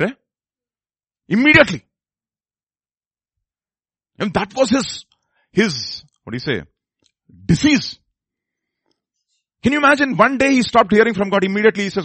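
A man preaching a sermon, moving between low murmured asides and loud, high exclamations and questions to the congregation. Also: big pitch swings, normal speed, pauses often, breathy edge, no echo. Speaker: pastor.

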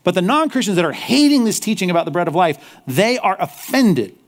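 A male pastor preaching a sermon, animated, slipping into mocking apologetic asides. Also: high-pitched, fairly quick.

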